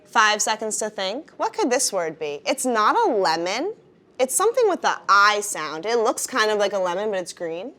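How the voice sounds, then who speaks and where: A woman teaching a first-grade phonics lesson in a classroom, leading the class in call-and-response. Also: mid-range voice. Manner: animated, drawn-out teacher voice with call-and-response prompts.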